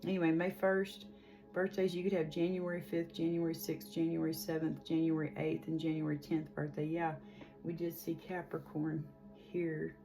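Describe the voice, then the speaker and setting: A woman's voice: low voice, completely flat delivery, normal speed, vocal fry, music in the background. A woman in her forties giving a casual, chatty tarot reading, rambling with lots of fillers. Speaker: tarot reader.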